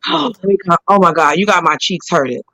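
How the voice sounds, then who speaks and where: A woman's voice: fairly low pitch, big pitch swings, brisk, pushed and bright, poor audio. A woman hosting a talk show over a video call, teasing her guest and laughing heartily in casual comedic chat.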